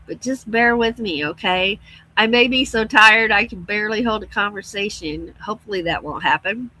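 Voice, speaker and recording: A woman's voice: mid-range voice, normal speed, sharp tone, no room sound, rough recording. A middle-aged woman chatting casually on her livestream, laughing often and reading out viewer comments. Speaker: livestream host. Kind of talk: casual live-stream chat.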